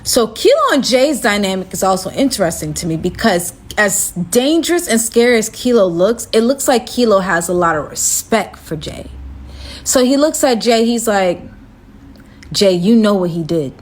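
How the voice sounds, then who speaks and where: A woman telling a dramatic story in a casual storytime style, animated and jumping high in pitch when she quotes herself. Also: normal speed.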